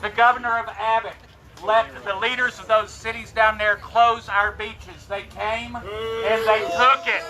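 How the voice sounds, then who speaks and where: A man's voice: high voice, level tone, unhurried, recorded from a distance. A man speaking to an outdoor rally crowd, rousing and repetitive, heard among street and crowd noise. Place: outdoor protest on a city street. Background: crowd and traffic noise.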